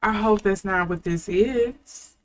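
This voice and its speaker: Speaking slowly in a mid-range voice, the young tarot reader chats her way through a casual reading. She thinks out loud as she goes, leaning on fillers and correcting herself mid-thought.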